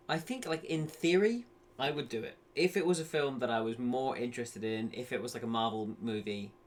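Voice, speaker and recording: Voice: medium pitch, moderate pace. Hesitant podcast co-host. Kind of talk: casual chat. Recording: faint background noise.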